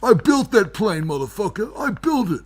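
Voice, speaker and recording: A man's voice: high-pitched, very animated, moderate pace. A man on a livestream playing a boastful, paranoid wizard who swears constantly, rambles and threatens people. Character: foul-mouthed, boastful, paranoid self-styled wizard man. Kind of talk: improvised comedy bit on a livestream.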